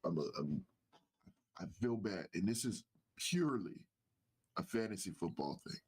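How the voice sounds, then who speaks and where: Animated man with a nasal voice. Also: sits low, moderate pace, husky. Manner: animated, repeats himself with many fillers. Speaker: podcast co-host. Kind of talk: casual sports chat.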